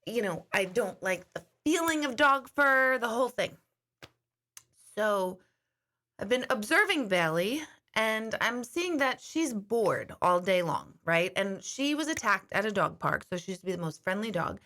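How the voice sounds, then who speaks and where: A woman's voice: medium pitch, expressive, measured pace, sharp tone. A middle-aged woman host chatting casually to her viewers, telling a long rambling story. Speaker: intuitive host.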